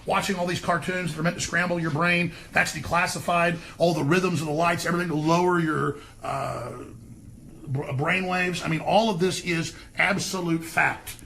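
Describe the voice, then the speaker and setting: A man's voice: on the high side, steady tone, moderate pace, creaky, a bit bright, slight background noise. A man hosting a podcast livestream, ranting sarcastically and mocking people in put-on voices. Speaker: podcast host.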